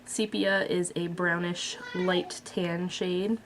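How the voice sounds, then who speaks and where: Chatty woman reviewing makeup, low-pitched. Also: fairly even intonation, slow, a little hiss or hum. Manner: chatty, blunt, frequent fillers. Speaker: beauty vlogger. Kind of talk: casual product review.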